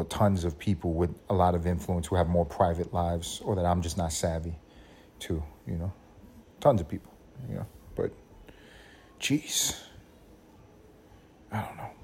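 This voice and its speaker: A man with a low, darkish, slightly rough voice hosts a solo podcast at a moderate pace with long pauses. He rants in a profane, rambling way, laughs at his own points, and slips into mock voices when quoting people.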